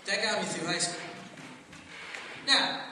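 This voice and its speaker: A man doing a stand-up comedy practice set, telling stories and acting out other people in high voices. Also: measured pace. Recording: roomy echo, far from the mic, noisy.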